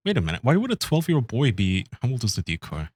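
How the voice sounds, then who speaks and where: A man co-hosting a podcast, crude and joking in casual banter, quick to laugh. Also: medium pitch, huge pitch swings, husky. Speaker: podcast co-host.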